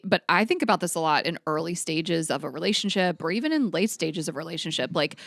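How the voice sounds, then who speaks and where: A woman co-hosting a podcast, chatting candidly and telling a dating story with lively acted-out thoughts. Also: fairly low pitch, no echo, studio quality. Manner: animated storytelling, acts out her own past thoughts. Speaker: podcast co-host. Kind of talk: candid casual chat.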